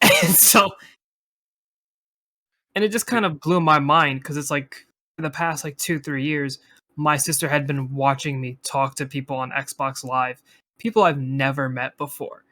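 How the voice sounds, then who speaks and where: Bright-voiced young man, rambling podcast chat. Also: a little high, fairly even intonation, unhurried. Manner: rambling, swears freely, laughs often. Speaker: podcast co-host. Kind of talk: casual chat.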